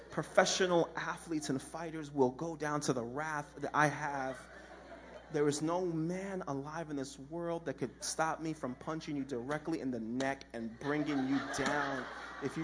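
A man's voice: fairly high pitch, slight background noise. A man giving a casual, humorous sermon as a preacher, telling a story with slang and acted-out voices.

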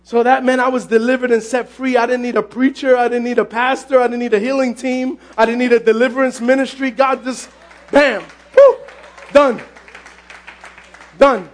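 A male pastor preaches with fervor, his voice pitched very high as he often shouts. He tells his story with animated exclamations. A faint congregation sits in the background. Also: fairly quick, some chatter behind. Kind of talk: sermon. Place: church sanctuary.

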